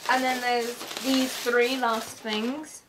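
A young woman chatting casually and rambling excitedly with friends. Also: a little high, takes it slowly. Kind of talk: casual chat. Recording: voice from off the mic with faint noise.

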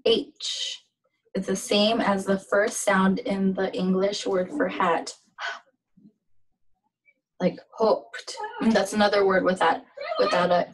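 A woman giving a casual language lesson on pronunciation, speaking slowly and haltingly with many fillers. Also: mid-range voice, little pitch movement, rough recording. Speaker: language teacher.

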